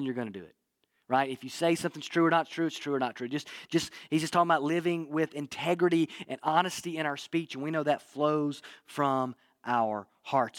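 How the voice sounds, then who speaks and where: A man preaching a sermon, earnest, with a fairly high voice. He repeats key phrases and sinks his voice low and quiet for emphasis. The sound is dry and close, with no room echo. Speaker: pastor.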